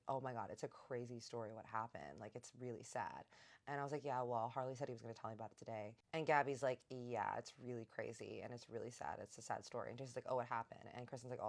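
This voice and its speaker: A young woman telling a personal story in a chatty, animated way, acting out the others in her own voice. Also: very deep voice. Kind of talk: casual storytime narration.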